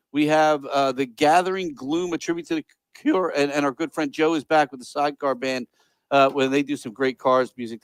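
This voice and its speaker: A man's voice: a little high, smooth, dry recording, rough recording. A man hosting a casual talk show, loose and profane, laughing often while plugging upcoming shows. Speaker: host. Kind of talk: casual chat and show promos.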